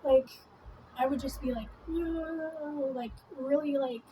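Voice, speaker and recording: A woman's voice: sits high, fairly even intonation, moderate pace, mellow, slight background noise, low-quality recording. Rambling, foul-mouthed woman vlogger. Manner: rambling, profane, many fillers. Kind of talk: casual rambling monologue. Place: at home doing her makeup.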